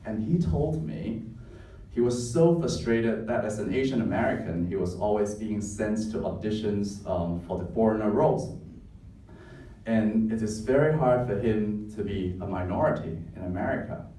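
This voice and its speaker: A man's voice: lowish voice, moderate pace, dark tone, slight background noise. A man from Hong Kong, Cantonese his first language, with a Hong Kong accent, telling a wry, self-mocking story live on stage. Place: club stage before an audience. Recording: echoey stage sound from a distance.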